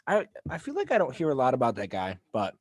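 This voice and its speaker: A man chatting casually on a podcast, rambling from one thought to the next and laughing at his own ideas. His voice sits at a middle pitch and sounds dry and close, with no room echo. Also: huge pitch swings, fast, a little mellow. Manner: rambling, self-mocking, trails off. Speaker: podcast co-host. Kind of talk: casual chat.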